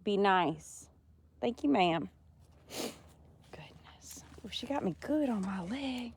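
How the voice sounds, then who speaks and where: A woman's voice: mid-range voice, animated, slow, husky. A woman, cooing affectionate baby talk to cows outdoors on a farm, recorded on a handheld phone. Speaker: farmer. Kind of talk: casual talk to animals.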